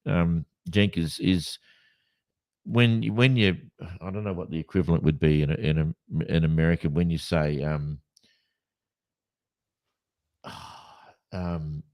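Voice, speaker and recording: With a low pitch, a slow pace and long pauses, an Australian man co-hosts a podcast in Western Australia. In casual conversation he rambles through animated stories, restarting many times.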